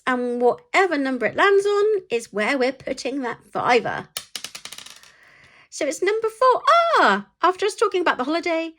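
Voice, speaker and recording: A middle-aged woman with a British accent talks casually to camera for her budgeting vlog. Her voice sits high and swoops up and down. She rambles in a friendly, excitable way. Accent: British English. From United Kingdom. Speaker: budgeting vlogger.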